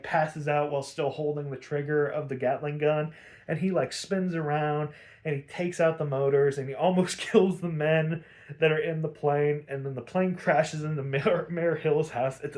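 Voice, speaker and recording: A man hosting a podcast, recapping an episode in a casual, rambling, animated way with a lot of swearing. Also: a little high. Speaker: podcast host.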